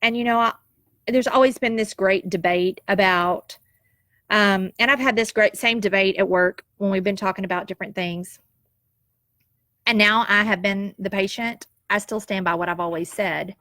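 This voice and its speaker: A woman's voice: medium pitch, moderate pace, fairly bright tone, no echo, clean studio sound. A woman, telling a personal story in an emotional, heartfelt and reflective way, tearful at times. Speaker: nurse sharing a personal story.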